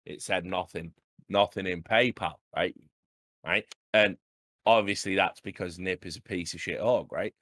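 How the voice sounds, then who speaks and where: A man in his late thirties hosting a podcast, telling a story in an animated, sweary way and often asking "right?". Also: sits low, normal speed, creaky, no room sound, clean studio sound. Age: 30s. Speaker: podcast host. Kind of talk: casual storytelling chat.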